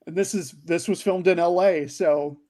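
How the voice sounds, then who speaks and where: A man co-hosting a podcast, agreeable and quick to laugh in casual chat. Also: high voice, steady tone, warm tone. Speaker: podcast co-host.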